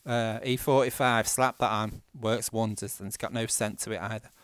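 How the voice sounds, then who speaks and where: A man's voice: lowish voice, steady tone, normal speed, fairly bright tone, clean tone, dry recording, studio quality. Chatty Mancunian man rambling while gaming. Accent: Mancunian English. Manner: chatty, self-mocking, laughs often, rambling asides. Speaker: gaming vlogger. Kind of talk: casual rambling chat while playing a game. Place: indoors at home.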